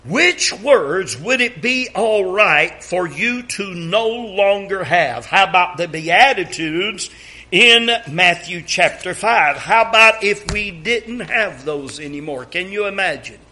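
A man delivering a sermon in a high, bright voice. He speaks slowly and deliberately, reading scripture aloud and pressing the congregation with emphatic rhetorical questions. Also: animated. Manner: reads scripture aloud, asks congregation to read along. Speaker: preacher.

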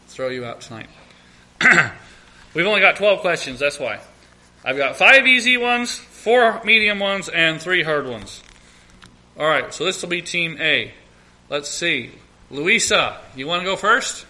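A man's voice: on the high side, lively intonation, a little slow, pauses often, sharp tone. A middle-aged man leading an evening Bible study, earnest, repeating key phrases and acting out short prayers.

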